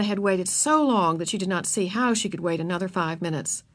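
A woman's voice: lowish voice, a little fast, few pauses, dry recording. A woman reading a children's chapter book aloud, narrating expressively and voicing the characters.

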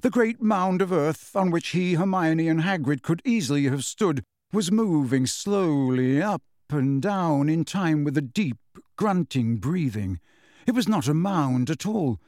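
A man narrating a fantasy novel in a measured, expressive storytelling manner. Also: a little high, no echo, clean studio sound. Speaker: audiobook narrator.

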